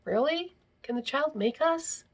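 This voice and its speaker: With a high voice, lively intonation and a slightly slow delivery, a parenting podcast host teaches casually, reading from a book. She frequently ends her points with "right?".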